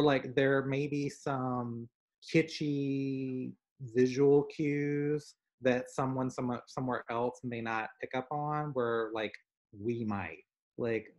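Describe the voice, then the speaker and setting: A young man with a Southern accent, chatting over a video call in an animated, storytelling way. His voice sits at an ordinary middle pitch, and his talk is loose, full of "like" and quick asides. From American South. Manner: animated storyteller, many fillers. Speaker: artist guest. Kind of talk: casual conversation.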